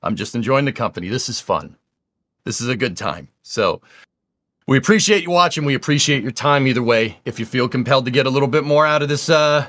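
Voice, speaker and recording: A man with a bright, forward voice, hosting a casual livestream. He chats upbeat and loose, thanking viewers and reading their messages out between banter. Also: mid-range voice, no echo. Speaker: livestream host.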